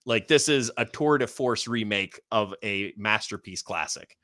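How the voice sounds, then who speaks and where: A man with a bright, forceful voice chatting on a wrestling livestream. He rambles through plugs in an upbeat way, laughing between lines. The sound is dry and close. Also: lowish voice, a little slow, dry recording. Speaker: podcast co-host and wrestler. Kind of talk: casual livestream chat.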